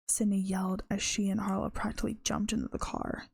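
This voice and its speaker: A woman's voice: medium pitch, flat delivery, a little fast, gravelly, hardly any pauses, darkish tone, husky, no echo. A tired woman streamer reading her own story aloud, correcting herself as she goes. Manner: unpolished reading with self-corrections. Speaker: streamer and writer.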